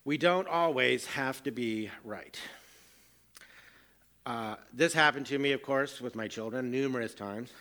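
A man's voice: medium pitch, sharp tone. A middle-aged man preaching a sermon, earnest and self-deprecating as he tells stories from family life. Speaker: pastor.

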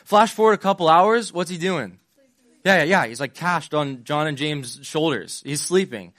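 A man's voice: a little high, expressive, normal speed, a bit bright, no echo. A young man giving a casual sermon, retelling Bible scenes in modern slang and playing the parts.

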